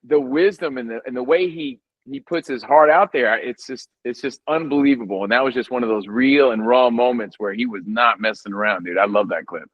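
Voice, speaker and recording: This is a man who hosts sports radio and is chatting as a podcast guest. He tells stories in an animated, emphatic way. The sound is a little dull and lo-fi. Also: mid-range voice, brisk, few pauses. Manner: animated storyteller, lively and emphatic. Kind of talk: casual chat.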